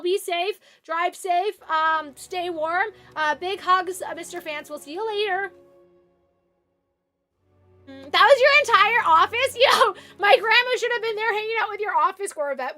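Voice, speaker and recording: Bright, high-voiced woman streamer. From Canada. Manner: chatty, full of fillers and restarts, giggly. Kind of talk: casual live-stream chat with viewers.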